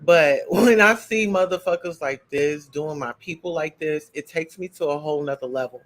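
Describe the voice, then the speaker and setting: A man hosting a casual live stream, reading the chat and talking straight to his viewers in a loud, sassy way, eating and sipping as he goes. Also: fairly high pitch, moderate pace. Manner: eats and sips while talking. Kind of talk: casual livestream commentary.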